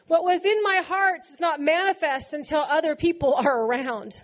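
Woman, high voice, preaching a sermon, playful, laughs a lot, acts out scripture, muffled lo-fi church recording. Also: lively intonation, moderate pace, few pauses. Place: church service before a congregation.

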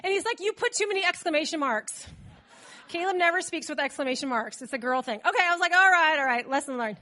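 A woman delivers a sermon in a very high, bright voice. Her preaching is chatty and animated, full of asides put straight to the congregation. She sounds like a pastor talking with her people rather than reading at them. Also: fast.

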